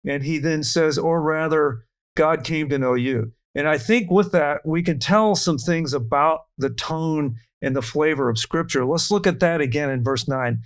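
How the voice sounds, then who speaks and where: A man's voice: a little high, normal speed. A man leading a verse-by-verse Bible study, explaining scripture earnestly and reading verses aloud.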